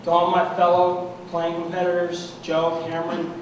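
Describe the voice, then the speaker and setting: A young man giving an award acceptance speech, heartfelt and halting, clearly emotional. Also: sits high, completely flat delivery. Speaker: award recipient. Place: large banquet room at an annual meeting. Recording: echoey hall from far off, noisy.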